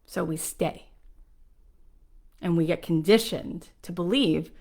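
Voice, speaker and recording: A woman in her forties speaks in a lowish voice, addressing a live audience as a motivational speaker. She is candid and emphatic and often pauses on "um". She comes from South Florida. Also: vocal fry, a little mellow. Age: 40s. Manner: candid and emphatic, with frequent "um" fillers.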